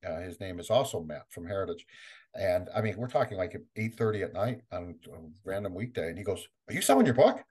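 A man's voice: low-pitched, fairly quick, darkish tone, husky. A middle-aged man being interviewed, telling a story with energy and often laughing and acting out other people's voices. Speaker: interview guest, comic collector. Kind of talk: animated storytelling.

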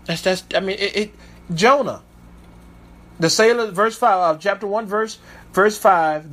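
A man's voice: high voice, measured pace, long pauses, fairly bright tone. A male pastor preaching a sermon, reading Bible verses aloud and then commenting on them emphatically, with frequent stumbles and repeats.

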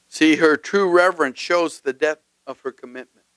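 A man's voice: on the high side, moderate pace, fairly bright tone, smooth, no echo, low-quality recording. A male pastor preaching a sermon emphatically, often putting questions to his congregation.

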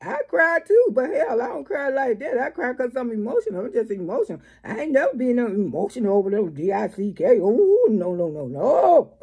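A woman's voice: on the high side, big pitch swings, brisk, few pauses, warm tone, husky. A woman giving blunt, profane, scolding commentary in a vlog. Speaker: vlogger.

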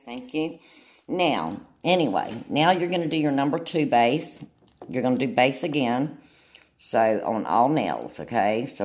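A woman's voice: rumbling low, a little mellow. A woman gives a casual, chatty nail tutorial, often checking in with her viewers. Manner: chatty, keeps checking in with "okay?".

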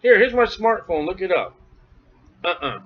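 A man preaching through scripture verse by verse, animated, with quick asides to the congregation and acted-out voices. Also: high-pitched, breathy edge. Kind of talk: expository sermon. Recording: dull lo-fi church recording.

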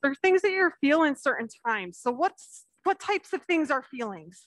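A woman pastor giving a children's message in church, chatting playfully with the kids and reading a picture book slowly with lively emphasis. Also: sits high, dry recording. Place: church sanctuary.

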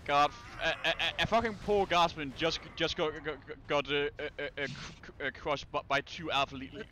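Stammering, bright-voiced gaming streamer man. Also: on the high side, fairly even intonation, slight background noise. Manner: stammering, swearing, quick repetitions. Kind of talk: casual gaming chat with friends.

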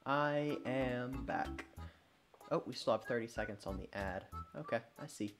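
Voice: medium pitch, unhurried, over music. A streamer hosting a casual gaming chat, easygoing and repeating words while thinking.

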